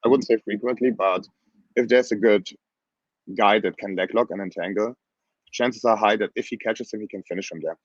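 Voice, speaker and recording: Grappling coach, man, hoarse, blunt and animated; lo-fi, dry call audio. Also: on the low side, a little fast, no echo. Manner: animated, blunt, plain phrasing. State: hoarse from screaming. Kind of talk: casual interview talk.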